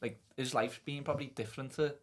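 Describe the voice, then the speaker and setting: A man's voice: mid-range voice, steady tone, quick pace. A man co-hosting a podcast in casual chat, agreeable and chatty, filling his talk with like.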